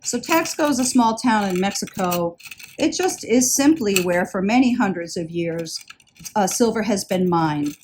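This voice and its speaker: A woman's voice: medium pitch, lively intonation, normal speed, darkish tone, slight background noise. Chatty woman showing off jewelry finds. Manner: chatty, enthusiastic, self-interrupting with repeated words. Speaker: jewelry thrift vlogger. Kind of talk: casual show-and-tell haul video. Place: indoors, traveling.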